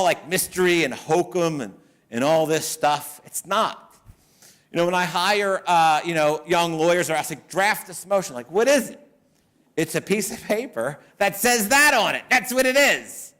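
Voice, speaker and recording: High-voiced middle-aged lawyer giving a seminar. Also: male voice, normal speed. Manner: lively storytelling with acted-out quotes. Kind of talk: seminar talk to business owners.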